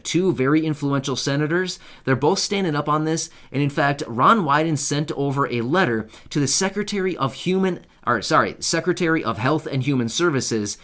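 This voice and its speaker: A man talks straight to his viewers in a loose, chatty way. His pitch sits in the middle of the male range. He keeps asking "right?" and scatters fillers through his sentences as he goes. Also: a bit bright. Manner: chatty and informal, many fillers and asides, checks in with "right?". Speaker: YouTube host covering benefits news. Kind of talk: casual talk to camera.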